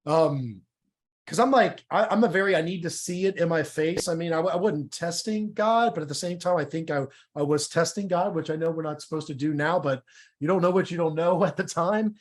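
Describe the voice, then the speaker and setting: A middle-aged man with a fairly high voice tells his testimony in a church interview. He talks candidly and with feeling, tripping over words and starting sentences again. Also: a little fast. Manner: candid, emotional, stumbles and repeats words. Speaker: guest sharing his testimony.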